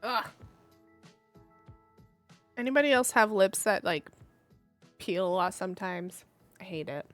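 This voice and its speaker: A woman streamer chats casually while gaming, giggling often and making fun of herself. Her mid-range voice has lively intonation and an unhurried pace, with soft music in the background.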